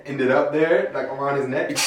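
A man's voice: mid-range voice, steady tone, normal speed, recorded from a distance. A young man jokes and teases in casual chat with friends, laughing as he goes. The room rings with heavy echo. He sits well back from the mic. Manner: teasing, laughing.

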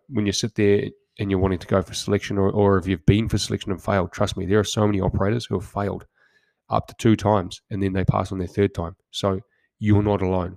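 A deep, gravelly male voice delivers a motivational podcast monologue in a flat, steady tone. He speaks in short, direct commands and often trips over repeated words. The sound is dry and close, with no room around it. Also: no echo. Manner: direct, punchy exhortations with stumbling repeated words. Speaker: podcast host.

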